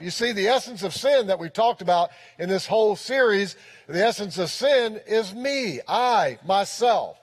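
A man with a notably high voice preaches earnestly from the pulpit, circling back to repeat his key lines. His words ring out with a long reverb through a large church sanctuary. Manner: earnest preaching with frequent repetition of key phrases. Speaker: pastor. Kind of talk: sermon.

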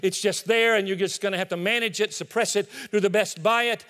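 Man, pastor, sermon, high voice, animated storytelling, church sanctuary with long reverb. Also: fairly quick. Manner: animated storytelling with acted-out asides.

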